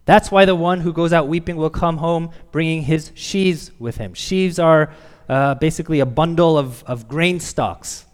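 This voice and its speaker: A man delivers a sermon in a church sanctuary, his earnest preaching swelling to emphatic peaks before falling quiet. His middle-pitched voice carries a long hall reverb. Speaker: pastor.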